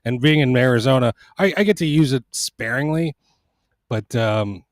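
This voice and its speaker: A man's voice: medium pitch, moderate pace, no echo, studio quality. A man from Panama, a podcast guest chatting casually, often restarting and repeating words. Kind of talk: casual chat.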